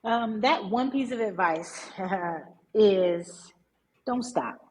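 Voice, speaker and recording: A woman entrepreneur, a guest on an interview podcast, telling her story in a lively, emphatic way and repeating words for stress. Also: medium pitch, very slow, poor audio.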